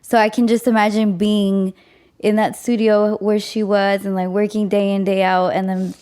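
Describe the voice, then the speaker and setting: Podcast host lady, warm mellow tone, reflective casual chat. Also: medium pitch, little pitch movement, normal speed, clean tone. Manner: reflective, affirming with "mm" and "you know".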